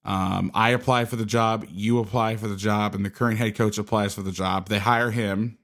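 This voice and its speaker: A man with a fairly low voice tells a casual story in an animated way. He coaches football and acts out the back-and-forth of old conversations as he goes. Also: normal speed. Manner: animated anecdote telling, acting out conversations.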